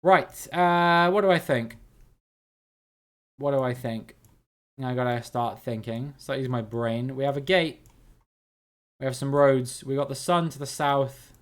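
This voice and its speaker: A man's voice: medium pitch, fairly even intonation, moderate pace. A male streamer runs a live geography guessing game for his viewers. He thinks aloud in a chatty, easygoing way and greets people in the chat by name as he goes.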